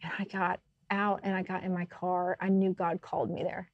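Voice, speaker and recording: A woman co-hosting a podcast, telling stories in a lively, casual way and laughing often. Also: lowish voice, normal speed, dry recording, lo-fi sound. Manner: animated storytelling, laughs often. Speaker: podcast co-host. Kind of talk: casual faith chat.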